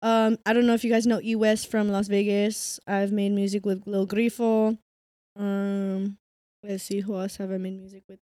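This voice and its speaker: A woman's voice: medium pitch, flat delivery, moderate pace, mellow, dry recording, studio quality. A young woman guest on a podcast, chatty and giggly. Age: young adult. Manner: giggly, chatty, lots of fillers. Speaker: guest singer. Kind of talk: casual chat.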